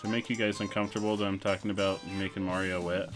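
A young man streaming a video game, commenting casually in an excitable, jokey way. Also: deep voice, quick pace, music in the background.

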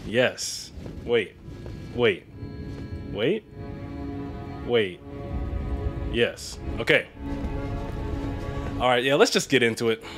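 Animated man streaming a game. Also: very slow, long pauses. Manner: chatty, reacts loudly with sudden high exclamations. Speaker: live streamer. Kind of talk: casual gaming commentary. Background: game music.

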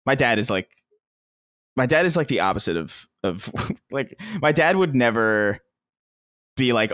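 A man's voice: medium pitch, animated, moderate pace, a bit bright, no echo, studio quality. A man co-hosting a podcast in casual chat, rambling with many restarts and frequent laughs. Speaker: podcast co-host.

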